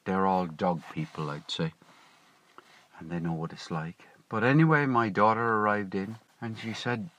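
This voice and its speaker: A man with a somewhat low voice tells a meandering everyday story in a relaxed vlog. He talks to camera from inside a parked car, wandering off into side remarks and correcting his wording as he goes. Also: unhurried. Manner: chatty, digressive, self-correcting. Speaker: vlogger. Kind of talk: casual rambling storytelling.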